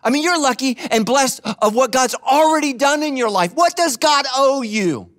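A middle-aged male pastor preaching a sermon with animated, humorous storytelling. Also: very high voice, moderate pace.

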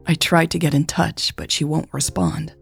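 A woman's voice: low-pitched, little pitch movement, normal speed, vocal fry, breathy edge, faint music behind, heavily acted. A woman reading a hesitant, remorseful woman. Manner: hesitant, soft and careful. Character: anxious, remorseful woman on a phone call.

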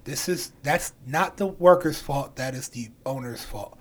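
A man's voice: medium pitch, unhurried. A man co-hosting a podcast, chatting casually, laughing often and arguing his point. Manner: laughs often, argues back. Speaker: podcast co-host. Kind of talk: casual chat.

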